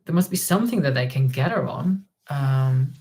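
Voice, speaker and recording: A woman's voice: very deep voice, animated, moderate pace, mellow. A woman hosting a casual livestream, rambling with plenty of ums and restarts as she reads out chat comments. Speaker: livestream host.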